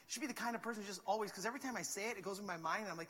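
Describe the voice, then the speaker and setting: A man preaching a sermon as pastor, talking in a conversational, animated way and acting out quotes. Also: high voice, racing, hardly any pauses, in a large hall. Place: church sanctuary.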